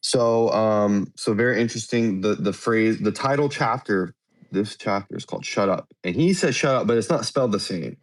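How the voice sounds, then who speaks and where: A man's voice: lowish voice, normal speed. A man co-hosting a podcast, casually recapping a manga chapter page by page. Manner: easygoing, page-by-page recap with fillers. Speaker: podcast co-host. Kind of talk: casual chat walking through a manga chapter.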